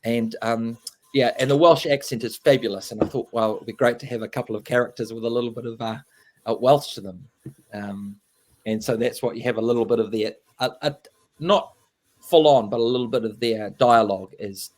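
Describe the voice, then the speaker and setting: A man's voice: mid-range voice, a little fast. A man with an English accent, a guest author chatting casually in an interview, rambling with many fillers and restarts. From England.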